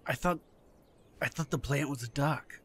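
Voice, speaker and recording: A man giving casual let's-play commentary, excitable, swearing and shouting at game characters. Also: medium pitch, moderate pace, slight background noise. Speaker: gamer playing a goose game.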